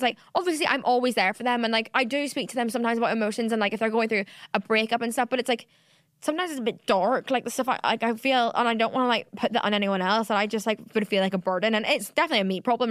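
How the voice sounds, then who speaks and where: A young woman hosts a solo confessional podcast, her mid-range voice captured in a clean studio with no room sound. She talks candidly and rambles, with many fillers and restarts.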